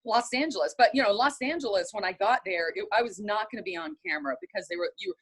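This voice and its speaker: A woman's voice: medium pitch, quick pace, breathy edge. A middle-aged woman from North Carolina with a Southern accent, a television writer and presenter telling stories as an interview guest and acting out the people she quotes. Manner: animated storyteller acting out quoted voices. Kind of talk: casual interview storytelling.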